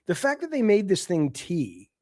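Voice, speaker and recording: A man's voice: high voice, wildly swooping pitch, normal speed, warm tone, dry recording, clean studio sound. A man co-hosting a podcast in casual chat, ranting animatedly with lots of swearing. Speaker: podcast co-host.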